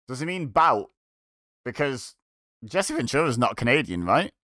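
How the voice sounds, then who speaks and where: A man's voice: medium pitch, very animated, measured pace, pushed and bright, no echo, studio quality. A man hosting a watch-along, giving casual, sarcastic reaction commentary and chuckling to himself.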